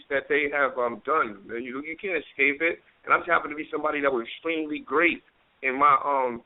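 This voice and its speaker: Rambling boastful man on a phone line. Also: fairly high pitch. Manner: rambling, boastful, stammering restarts. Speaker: comedian guest. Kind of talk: casual phone-in interview. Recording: tinny phone line on radio.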